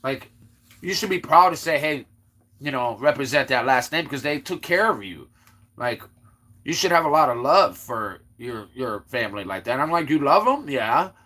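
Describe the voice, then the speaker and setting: A man's voice: very animated, moderate pace. Rambling man ranting on a livestream. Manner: rambling, repeats words, quotes others in his own voice; exclaims loudly then trails off low. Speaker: livestream host. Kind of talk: casual ranting monologue.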